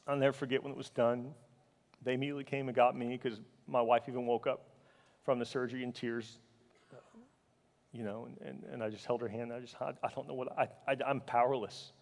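A male pastor preaching with raw emotion, building to loud, fervent peaks and dropping to hushed, faltering words. His voice sits at an ordinary middle pitch. It rings out with a long reverb, as if in a large church hall. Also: flat delivery, gravelly. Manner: emotional storytelling, swinging from loud fervor to hushed, halting speech. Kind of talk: sermon.

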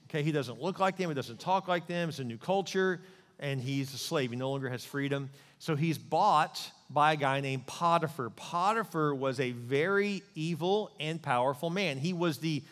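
A male pastor delivers a sermon in an animated, joking storytelling manner. His voice sits fairly high. The sound rings with long reverb from a large hall.

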